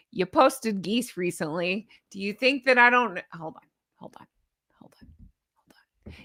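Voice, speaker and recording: A woman's voice: on the high side, fairly bright tone, no room sound, studio quality. A woman hosting a commentary channel, talking in a sarcastic, exasperated, mocking way.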